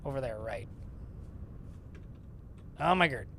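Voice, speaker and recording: A man's voice: mid-range voice, lively intonation, slow, fairly bright tone, a little hiss or hum. A young man streaming a game live, chatting casually and sarcastically with his viewers and swearing freely.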